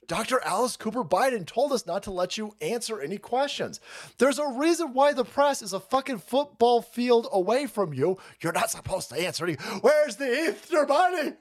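A man's voice: extremely high pitch, lively intonation. A man voicing a panicked female press staffer who pleads frantically. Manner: frantic, rapid repeated pleading.

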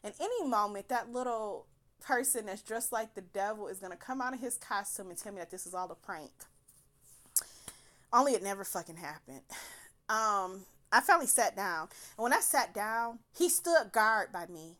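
Profane, animated woman telling a story. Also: medium pitch, moderate pace. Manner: profane, animated, laughs often. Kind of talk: casual storytime monologue.

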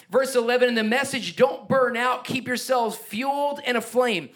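Man, pastor, sermon, emphatic and lively delivery, fairly high voice. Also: normal speed. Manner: energetic, emphatic preaching with asides and chuckles.

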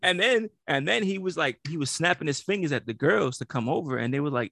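A man co-hosting a casual podcast, telling an animated story and acting out the quotes, swearing freely. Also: fairly high pitch, fast, vocal fry, hardly any pauses, dry recording, studio quality. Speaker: podcast co-host.

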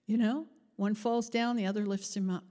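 A woman pastor preaching a sermon, telling a story with lively acted-out voices and frequent laughs. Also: medium pitch, fairly quick, long reverb tail. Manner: animated, acts out voices in her story, laughs often.

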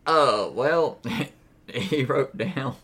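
Lively, teasing man with a bright voice. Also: medium pitch, husky. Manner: teasing, laughing, quick jabs. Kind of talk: improvised comedy skit.

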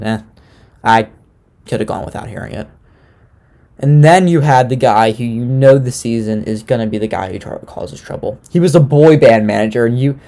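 A man's voice: mid-range voice, dark tone. A young man in a casual, sarcastic chat, recapping a dating show as a podcast host, loose and swearing now and then.

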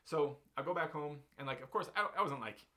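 Man, podcast host, loose animated storyteller, trips over his words. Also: on the high side, brisk. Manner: rambling, animated, many fillers and restarts. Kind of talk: casual storytelling chat.

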